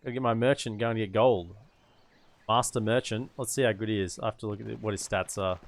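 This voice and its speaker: A man with a fairly low, steady voice speaks briskly, with no echo, narrating his strategy game as he plays. This gaming streamer thinks out loud, rambles, and seems entertained by his own remarks, with game music behind him.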